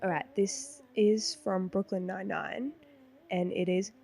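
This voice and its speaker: A woman's voice: mid-range voice, level tone, unhurried, gravelly, warm tone. A young woman in her twenties with an Australian accent, chatting playfully as a podcast co-host. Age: 20s. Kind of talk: casual chat.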